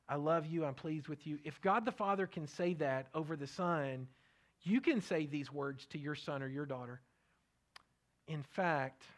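A middle-aged man preaching a sermon, earnest and repetitive, often dropping his voice to a soft hush. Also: fairly high pitch. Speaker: pastor.

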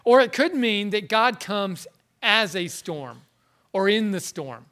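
A man preaching a sermon in an earnest, halting way, often repeating words as he goes. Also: sits high, lively intonation, a bit bright. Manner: earnest, halting, with frequent word repetitions.

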